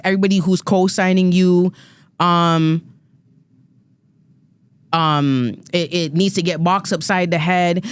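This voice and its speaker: A woman's voice: lowish voice, measured pace. Woman, 30s, podcast panelist, heated rant, profane, emphatic, repeats words. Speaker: guest panelist.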